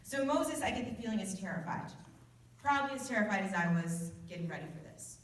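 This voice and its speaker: A woman's voice: medium pitch, animated, brisk, far from the mic. Earnest woman preaching in an echoey room. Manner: earnest and conversational, with frequent restarts. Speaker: youth group speaker. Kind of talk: informal youth sermon.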